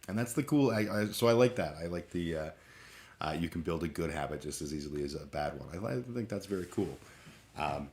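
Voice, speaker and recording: Deep-voiced man rambling on a livestream. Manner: rambling, profane, jokey. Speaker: livestream host. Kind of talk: casual livestream chat.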